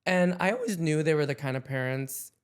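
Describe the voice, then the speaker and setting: A man's voice: a little high, animated, brisk, smooth. A young man co-hosting a podcast, chatting casually through a personal story with many fillers and frequent laughs. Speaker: podcast co-host.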